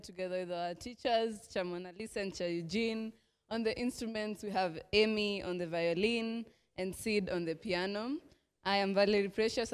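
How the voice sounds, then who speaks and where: A young Kenyan woman presenting a church teens' lesson, praying and reading a mission story aloud at a measured pace. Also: medium pitch, clean tone. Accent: Kenyan English. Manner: measured, prayerful delivery. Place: church hall. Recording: echoey hall reverb.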